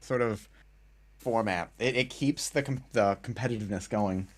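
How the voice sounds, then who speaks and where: A man from the American Midwest with a Midwestern accent, a relaxed, easygoing guest in a casual chat. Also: fairly low pitch, moderate pace.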